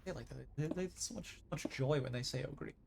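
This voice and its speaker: A man chatting casually while streaming a game live, rambling excitably and tripping over repeated words as he gets going. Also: a little high, brisk, vocal fry, noisy background. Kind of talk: casual live gaming commentary.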